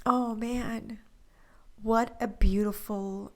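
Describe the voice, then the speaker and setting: A woman co-hosting a podcast in casual chat, speaking emotionally, often dropping to a breathy whisper and halting on restarts. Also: fairly high pitch, fairly even intonation. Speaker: podcast co-host.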